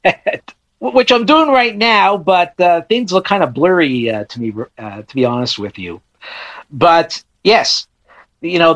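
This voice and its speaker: A man, a book reviewer on a radio show, talks in a chatty, storytelling way. His voice sits a little high, and he trips on a word now and then. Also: a bit bright. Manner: chatty, storytelling, with small slips and restarts. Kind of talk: conversational book segment.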